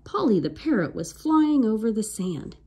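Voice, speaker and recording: A woman reading a children's storybook aloud in a slow, expressive way. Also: a little high, breathy edge. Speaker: storybook reader. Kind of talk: read-aloud storybook narration.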